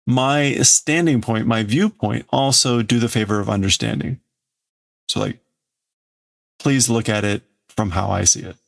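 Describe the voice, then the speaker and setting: A man's voice: lowish voice, measured pace, vocal fry. A man hosting a stream, translating a comic aloud word by word, hesitant and full of fillers. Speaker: livestream host translating manga.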